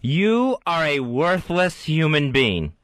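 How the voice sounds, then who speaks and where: Mean nagging inner voice done by a guy, flat and contemptuous, high-ish, dry sound. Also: slow pace, dry recording, full character voice. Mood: berating. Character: harsh scolding male inner voice.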